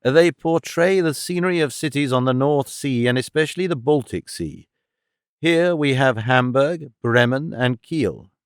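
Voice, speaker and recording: A man voicing a sharp, brisk detective who lays out his deductions in a crisp, decisive way. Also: medium pitch, expressive, no room sound, clean studio sound.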